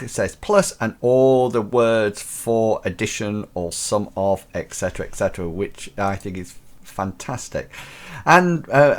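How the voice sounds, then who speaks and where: A man hosting a casual live show, chatting enthusiastically with many fillers and restarts. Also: mid-range voice. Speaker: host of a teacher-training live show.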